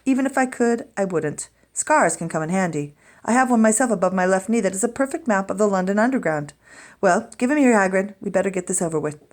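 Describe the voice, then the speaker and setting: A woman voicing a calm, gently wry old male wizard headmaster who speaks in a measured way. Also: medium pitch, lightly acted.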